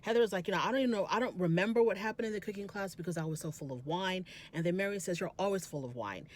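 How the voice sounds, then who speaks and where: A woman hosting a casual reality TV recap, retelling scenes and acting out the quotes in quick bursts. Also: fairly low pitch, animated.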